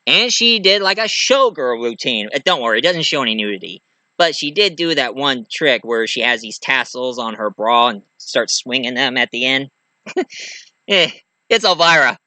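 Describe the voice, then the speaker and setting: A man's voice: medium pitch, lively intonation, moderate pace, bright, forceful tone, dry recording. A man casually retelling a movie plot as a reviewer, rambling and chatty, with loose grammar and many fillers.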